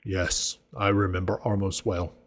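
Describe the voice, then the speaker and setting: A man voicing a big, friendly male half-orc warrior who speaks in halting, broken phrases. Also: low voice, flat delivery, no room sound. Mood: grateful.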